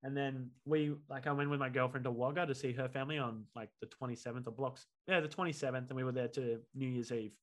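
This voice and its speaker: A man, a comedian guest on a podcast, telling an animated story and acting out the voices of the people in it. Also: mid-range voice, fast talker, few pauses. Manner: animated, acts out quoted voices.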